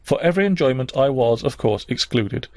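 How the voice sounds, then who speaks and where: A man narrating a classic novel as an audiobook reader, measured and unhurried. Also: mid-range voice, animated, darkish tone, no echo, studio quality. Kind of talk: scripted narration.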